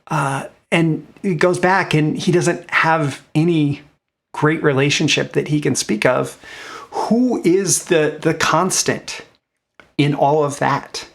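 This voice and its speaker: A man, host of his own channel, giving a casual motivational talk about mindset and business, speaking conversationally with many fillers and restarts, rising in pitch on key points. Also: slow pace, creaky. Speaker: marketing coach and host.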